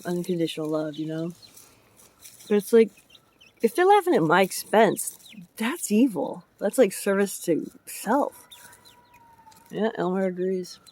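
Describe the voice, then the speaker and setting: A woman's voice: medium pitch, big pitch swings, unhurried, pauses often, darkish tone. A woman vlogging in a casual rambling way, hopping between topics and chatting about her chickens and her job driving dump trucks. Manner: chatty, jumps between topics, laughs often. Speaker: vlogger and public works truck driver. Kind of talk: casual rambling vlog chat.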